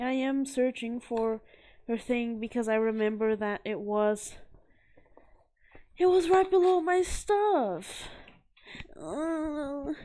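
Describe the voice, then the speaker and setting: Slow, rambling young woman vlogger. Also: medium pitch, darkish tone. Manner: rambling, self-deprecating, chatty. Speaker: vlogger showing art. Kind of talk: casual chat to camera.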